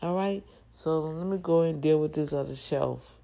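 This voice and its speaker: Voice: medium pitch, normal speed, creaky, warm tone, low-quality recording. A middle-aged host talking in a casual monologue, emphatic and preachy, repeating key phrases.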